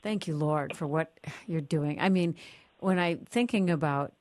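A woman hosting an interview, speaking in a reflective way and thinking out loud. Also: sits low, a little slow, dry recording. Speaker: host.

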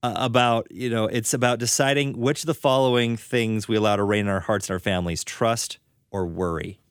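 A man hosting an interview, asking reflective questions in a friendly, halting way with frequent restarts. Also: fairly low pitch, steady tone, clean tone, dry recording, studio quality. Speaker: interview host. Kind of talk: conversational interview.

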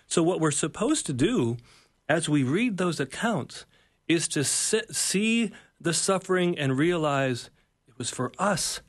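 A man's voice: fairly high pitch, animated, unhurried. A man, a pastor and author, speaking as an interview guest in an earnest, preacher-like way, building points through repeated phrases. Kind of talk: reflective devotional talk.

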